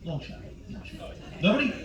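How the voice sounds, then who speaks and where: A man's voice: normal speed, music in the background. A middle-aged male stand-up comedian in a cruise ship show lounge, brashly teasing the audience as he works the crowd. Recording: roomy, distant, faint crowd ambience.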